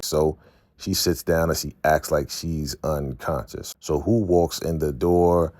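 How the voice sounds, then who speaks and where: Deep-voiced man recapping a TV episode. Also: unhurried, dry recording, clean studio sound. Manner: animated retelling, briefly acting out characters' lines. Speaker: TV recap host.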